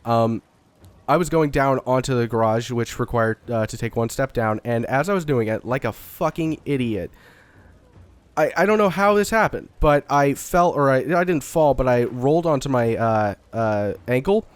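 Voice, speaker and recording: A man's voice: medium pitch, normal speed, smooth, dry recording. A young man from the Dallas–Fort Worth area, getting over a cold, giving casual, rambling gameplay commentary with frequent swearing and fillers. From Dallas–Fort Worth area, Texas. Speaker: let's-play gamer.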